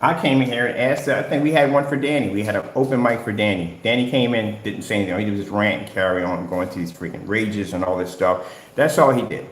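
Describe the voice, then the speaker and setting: On a livestream with a roomy echo and a little hiss or hum, a man speaks quickly in a voice on the low side. He's a business owner confrontationally lecturing his competitors, circling back again and again to "at the end of the day."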